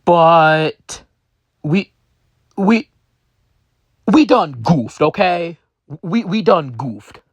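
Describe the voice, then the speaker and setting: A man's voice: on the high side, lively intonation, extremely slow, pauses often, dry recording, pitched above the performer's own voice, heavily acted. A man voicing a sheepish Russian businessman who apologizes in a clumsy, slangy way, with a Russian accent.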